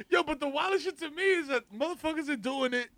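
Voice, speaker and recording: A man's voice: extremely high pitch, fairly quick, dry recording. A man co-hosting a podcast, telling stories animatedly in casual comedic banter. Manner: animated storytelling, laughs often. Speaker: podcast co-host.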